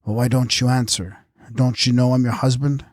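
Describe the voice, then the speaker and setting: A man's voice: mid-range voice, steady tone, moderate pace, darkish tone, no room sound, clean studio sound, close to an everyday voice. A man voicing a brutish drunken English lord who slurs his words thickly. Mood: drunk, bullying. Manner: slurred, thick speech.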